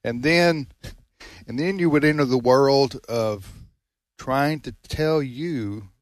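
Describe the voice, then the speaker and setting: A man's voice: mid-range voice, slow pace, no echo, studio quality. A man hosting a radio fundraiser, chatting in a rambling way, repeating words and laughing often. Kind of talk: casual studio chat.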